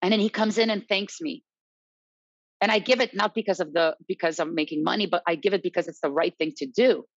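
A woman who teaches salsa, telling stories in a casual, animated chat and often checking in with "right?". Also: on the low side, fast, dry recording. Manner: animated, quotes others, tag questions "right?". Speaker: salsa dance instructor, guest. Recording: dull lo-fi dry recording.

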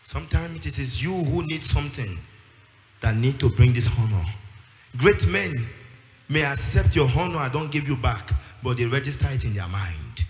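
A man's voice: mid-range voice, expressive, moderate pace, slight background noise. A man preaching a sermon with emphasis, acting out the voices of the people he quotes and rising into a sing-song delivery. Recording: echoey hall with music behind.

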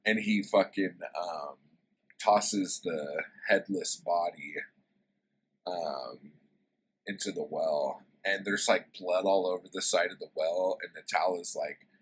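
A man's voice: deep voice, slow pace, a little hiss or hum, low-quality recording. A man casually retelling a favorite story in a book review, rambling and swearing with lots of fillers.

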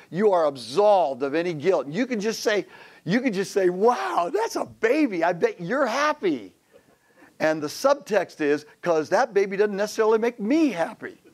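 A man in his fifties, a pastor giving a joking sermon to men, telling stories and acting out quotes. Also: fairly high pitch. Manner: humorous storytelling with acted quotes.

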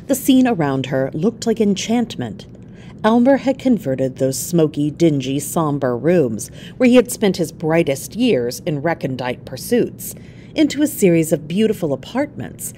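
Low-voiced woman reading a classic story. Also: slight background noise. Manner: expressive, measured reading. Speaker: reader. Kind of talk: scripted narration of a classic story.

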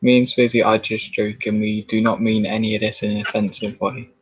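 A man's voice: lowish voice, level tone, brisk, breathy edge, highs cut off. A man co-hosting a casual cooking vlog, teasing and laughing along with his partner. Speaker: co-host. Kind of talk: casual chat.

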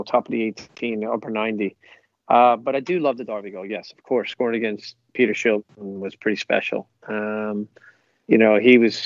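This middle-aged American man, a former professional footballer, chats as a guest in a casual interview, spinning upbeat, rambling anecdotes with real enthusiasm. His voice is mid-range and creaky, with no echo. The audio is dry and slightly dull, much like a remote call.

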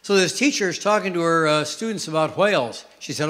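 A man performing a stand-up comedy routine on a stage, telling short jokes and dropping punchlines in a deadpan way. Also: a little high, a little fast, few pauses. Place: theater stage with live audience. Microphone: stage microphone.

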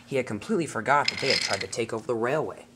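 A narrator telling a homemade toy-train story with lively delivery. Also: mid-range voice, very fast, heavy background noise. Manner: animated storytelling.

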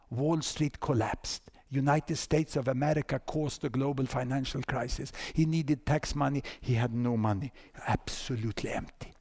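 A man in his sixties with a Swedish accent, lecturing at a conference and telling a story with lively asides and repeated words. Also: medium pitch. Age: 60s. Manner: animated storyteller, frequent "huh?" and "you know" asides, repeats words. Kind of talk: conference talk. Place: conference hall with audience.

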